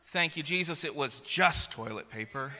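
A man in his thirties delivers a sermon with a slightly high, very bright, forceful voice. He talks slowly and stumbles into restarts as he tells a humorous family story. His voice rings out with the long reverb of a large hall. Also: expressive. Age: 30s. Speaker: pastor.

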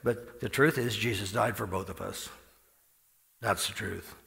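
A man preaching a sermon as pastor, animated and conversational, with a dry mouth. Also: lowish voice, measured pace, vocal fry, big-room sound.

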